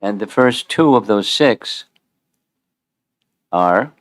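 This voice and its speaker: Man teaching a temple class, very low voice, dry close sound, chatty, quizzes listeners. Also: lively intonation, takes it slowly, no room sound. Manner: conversational, quizzes the audience, repeats and restarts. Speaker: spiritual teacher giving a class. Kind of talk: informal scripture class.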